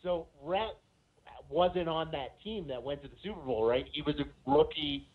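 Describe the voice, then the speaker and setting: Dude telling a long story on a podcast, sounds thin like a phone line. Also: male voice, on the high side, moderate pace. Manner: rambling anecdote with many fillers. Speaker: podcast co-host. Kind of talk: casual chat.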